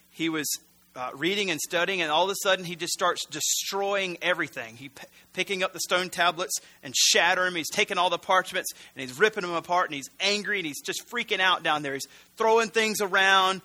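A man's voice: high-pitched, fast talker, bright, forceful tone. A man preaching as a pastor in a conversational, earnest style, often correcting himself mid-sentence. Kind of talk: sermon.

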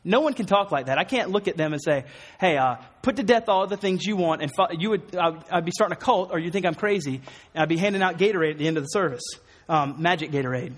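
A man's voice: high-pitched, animated, brisk, slightly rough, long reverb tail. A man preaching a sermon, earnest and emphatic, with some wry asides. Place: church hall.

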